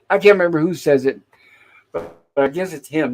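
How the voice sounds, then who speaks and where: A man chats on a casual livestream, recapping scenes from an old sitcom. He slips into the characters' lines now and then as he retells them. His voice sits at a medium pitch. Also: fairly quick. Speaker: podcast host reviewing a classic sitcom.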